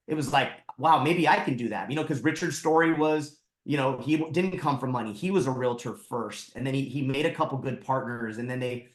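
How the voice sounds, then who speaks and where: A man from Southern California, a podcast guest, telling his story in a casual, animated way and acting out the people he quotes. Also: mid-range voice. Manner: animated storyteller, acts out quotes, says "like" and "right?" a lot. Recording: echoey room.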